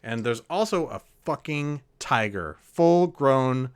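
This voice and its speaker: A man narrating a tabletop game as its game master. His telling is loose and rambling, padded with ums and likes as he describes each room. His pitch sits in an ordinary middle range. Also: expressive, slow pace, clear, resonant tone.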